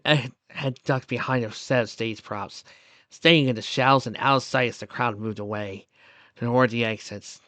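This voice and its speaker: A man reading fan fiction aloud as narrator, in a soft, steady storytelling voice. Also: medium pitch, no echo.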